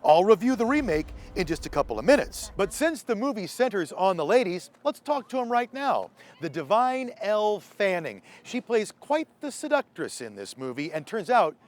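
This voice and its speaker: Upbeat high-voiced male show host. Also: very animated, moderate pace, few pauses. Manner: upbeat, showy. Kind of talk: scripted entertainment presenting.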